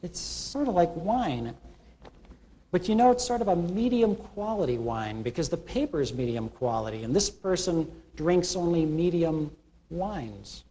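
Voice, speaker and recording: A middle-aged male instructor lecturing a class in an animated, storytelling way. His voice sits a little high for a man, and he slips into quick bits of the people in his anecdotes. It sounds like an old classroom video. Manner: animated storytelling, acting out quoted characters. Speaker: college instructor. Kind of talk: classroom lecture with humorous analogies. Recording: 1980s classroom video recording.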